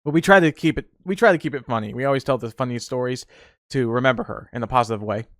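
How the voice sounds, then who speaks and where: A man's voice: medium pitch, quick pace, no room sound, clean studio sound. A young man hosting a casual solo podcast, telling rambling stories with laughter and restarts. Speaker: podcast host.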